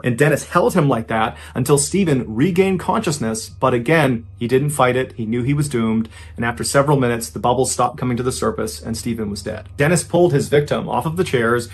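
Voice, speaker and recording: A man's voice: medium pitch, vocal fry, breathy edge. A man narrating a true crime story in a conversational way with dramatic pacing, as a podcast storyteller.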